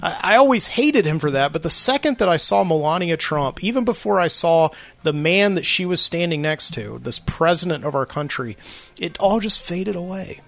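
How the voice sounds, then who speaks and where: A man's voice: a little high, lively intonation, normal speed, gravelly, bright, forceful tone, no echo. A man hosting a late-night solo podcast from a studio, telling a long rambling story with lots of fillers. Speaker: podcast host.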